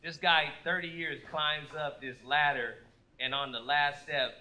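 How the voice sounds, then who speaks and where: A man in his thirties doing a profane, animated stand-up set, acting out voices of people he describes. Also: a little high, a little slow. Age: 30s. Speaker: stand-up comedian. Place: comedy stage before a live audience. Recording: roomy live venue with audience noise.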